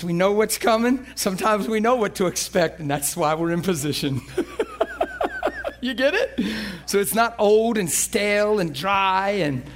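A male preacher delivering an emotional sermon, moving between playful banter, laughter and earnest prayer. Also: high voice.

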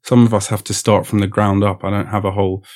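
A man's voice: lowish voice, flat delivery, quick pace, darkish tone. A man hosting a podcast in a comedy sketch, talking in an exasperated, sarcastic, rambling way with stammered restarts.

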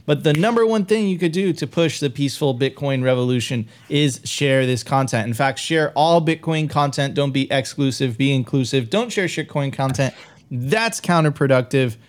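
Male live-stream host, mid-pitched, upbeat and hypey, loose with restarts. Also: lively intonation, moderate pace. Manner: upbeat, hype-style sign-off with frequent restarts. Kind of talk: casual live-stream chat.

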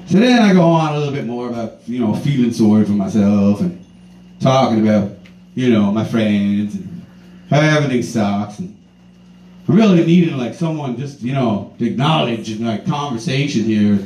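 A man's voice: medium pitch, moderate pace, mellow, slight background noise. A man in his twenties doing a stand-up comedy set, telling a rambling, profane story. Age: 20s. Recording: roomy, distant mic, faint ambience.

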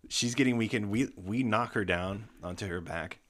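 Deep-voiced man telling a funny story. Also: moderate pace. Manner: animated, swearing, breaks into laughter. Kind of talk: casual storytelling chat.

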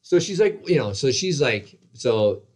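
In casual conversation, a man in his forties with a mid-range voice describes his injuries at a measured pace. His telling is animated and self-deprecating, and he imitates the voices of others involved.

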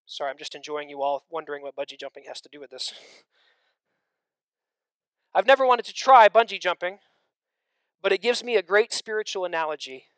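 A man preaching a sermon, swinging between loud emphatic stretches and hushed near-whispers, with conversational asides to the congregation. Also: sits high, expressive, a little fast, pauses often, smooth, no room sound.

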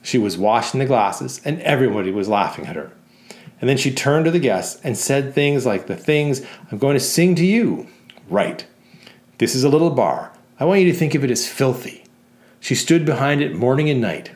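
A man reading the part of a young bride who performs a slow, mocking song about a barmaid's revenge. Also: medium pitch, very animated, a little mellow, lightly acted. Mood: playful. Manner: theatrical, slow, mocking storytelling.

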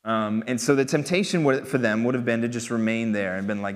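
A man's voice: medium pitch, a little fast. A man preaching a sermon in a loose, conversational way, with frequent fillers and asides. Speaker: pastor. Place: church hall. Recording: long hall reverb.

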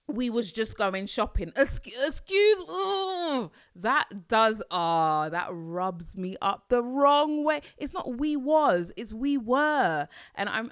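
A woman's voice: medium pitch, smooth, no echo, clean studio sound. A middle-aged woman with an East London Cockney accent, talking casually to camera in an emphatic way and laughing often. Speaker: vlogger.

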